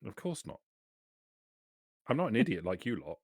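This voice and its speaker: A man's voice: fairly low pitch, sing-song, normal speed, darkish tone, breathy edge, heavily acted. A man voicing an eager, polite male robot dog with prim, proper speech. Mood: haughty.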